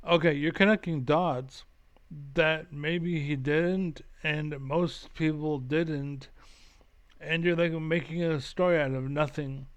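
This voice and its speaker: A man's voice: a little high, fairly even intonation, slow, clear, resonant tone, lo-fi sound. A man ranting casually while reacting to political videos, rambling and profane, full of fillers and restarts. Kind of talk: casual rant.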